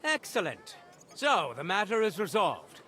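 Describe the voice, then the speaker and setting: A stern, commanding town judge in a video game. He speaks formally in a high, lively voice. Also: measured pace, full character voice.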